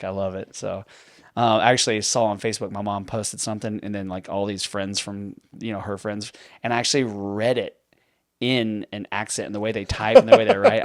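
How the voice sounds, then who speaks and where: Chatty low-voiced man, dry sound. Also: dry recording. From Texas, near Houston. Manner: chatty, storytelling, laughs easily. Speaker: podcast host. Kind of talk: casual conversation.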